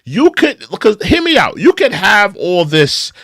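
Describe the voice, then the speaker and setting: A male host delivers pointed, critical commentary in a bright, high voice. His delivery is animated, and he repeats phrases to drive each point home. The sound is close and dry. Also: a little slow, no echo. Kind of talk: opinionated commentary on clips.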